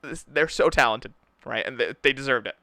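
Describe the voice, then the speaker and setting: A man's voice: medium pitch, fairly quick, gravelly, no echo. A man co-hosting a casual chat, telling stories with lots of "right?" and "dude". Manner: animated storyteller, says "right?" and "dude" a lot. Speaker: co-host.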